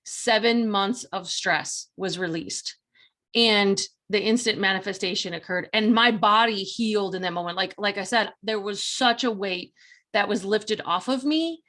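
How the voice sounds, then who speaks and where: A woman hosting a talk show, telling a personal story in a chatty, animated way, full of fillers and quoted self-talk. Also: medium pitch, a little slow. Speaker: podcast host.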